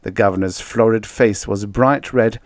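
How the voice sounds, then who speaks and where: A man narrating a vintage science fiction story in a measured storytelling manner. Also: lowish voice, no echo, clean studio sound. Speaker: audiobook narrator. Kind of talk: scripted narration.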